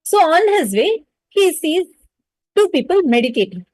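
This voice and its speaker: A woman telling a devotional story as a spiritual teacher, animated and addressing listeners directly. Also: extremely high pitch, moderate pace, no room sound, low-quality recording.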